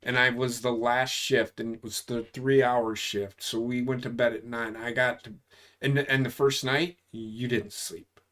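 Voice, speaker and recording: With a mid-range voice at a slightly slow pace, a former soldier in his forties shares stories from his time in the army. He swears frequently, wanders through his tales, and becomes animated as he tells them.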